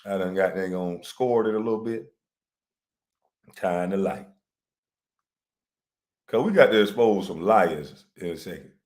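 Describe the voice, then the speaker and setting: A man's voice: deep voice, measured pace, long pauses, darkish tone. A man hosting a livestream, ranting profanely and mockingly, breaking into laughter. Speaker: livestream host. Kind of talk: profane comedic rant.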